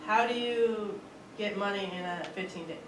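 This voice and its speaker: A woman in the audience puts a question to the speaker in short, step-by-step parts. She is heard from well off the mic, at a middling pitch. The room is echoey, with clear background noise. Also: moderate pace, recorded from a distance. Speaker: audience member.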